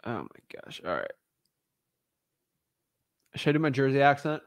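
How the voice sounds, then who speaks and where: A man's voice: medium pitch, unhurried, no room sound. A man talking casually to his viewers, joking and thinking aloud as he browses listings. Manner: animated, joking, talks to himself. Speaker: real estate wholesaler. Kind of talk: casual vlog commentary.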